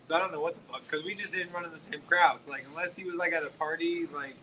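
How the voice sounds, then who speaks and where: A man's voice: fairly high pitch, steady tone, quick pace, pushed and bright, a little hiss or hum, poor audio. A man in his forties from Texas, telling stories in casual, profane podcast chat at a restaurant. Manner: profane, rambling storyteller full of "like". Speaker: podcast host.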